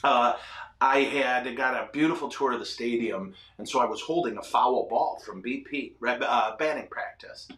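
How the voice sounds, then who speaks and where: A man's voice: mid-range voice, moderate pace. Guy priest chatting away, goofy and self-mocking, kinda far from the mic in an echoey room. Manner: animated, jokey, self-deprecating, many fillers. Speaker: priest hosting a ministry show. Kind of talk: casual storytelling chat. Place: ministry studio.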